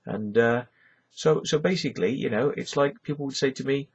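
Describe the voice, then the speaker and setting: Gravelly Welsh man rambling to camera. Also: mid-range voice, moderate pace. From Wales. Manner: chatty and rambling, full of "you know". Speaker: YouTuber. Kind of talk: casual rambling monologue.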